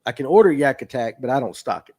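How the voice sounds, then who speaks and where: A man's voice: medium pitch, lively intonation, quick pace, a little mellow, slightly rough. A man in his fifties with a North Georgia Southern drawl, hosting a fishing show and chatting folksily while reading out viewer comments. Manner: folksy, chatty, answers chat questions aloud. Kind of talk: casual livestream talk reading viewer comments.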